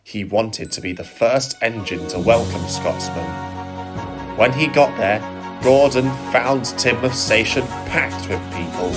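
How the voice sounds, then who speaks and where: A man narrating a storybook audio reading in a slow, measured way. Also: medium pitch. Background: music.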